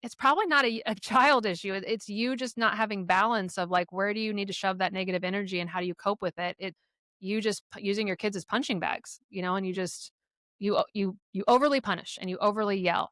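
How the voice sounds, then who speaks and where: A middle-aged woman speaking as a podcast guest, telling her own parenting stories candidly, with blunt language and lively acted-out quotes. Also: medium pitch, fast talker, no room sound, studio quality. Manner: frank, profane, animated retelling of quotes. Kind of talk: candid conversational storytelling.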